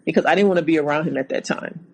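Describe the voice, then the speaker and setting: A woman telling her own story as a podcast guest, halting and repeating herself, acting out what was said. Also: sits low, vocal fry, poor audio. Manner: halting, repeats words, acts out quotes. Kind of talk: personal account in a podcast interview.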